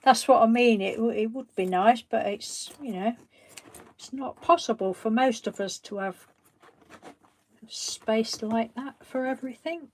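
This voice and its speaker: On her craft channel's live stream, a woman chats in a rambling, casual way and laughs frequently. Her voice is a little high and darkish in tone, unhurried, with a little hiss or hum in the audio.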